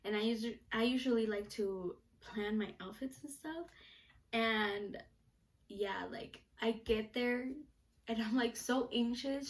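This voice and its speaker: A young woman telling an animated story to camera in a casual vlog, filling her talk with "like". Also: fairly high pitch, a little slow. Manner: chatty, animated, lots of filler "like". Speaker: vlogger.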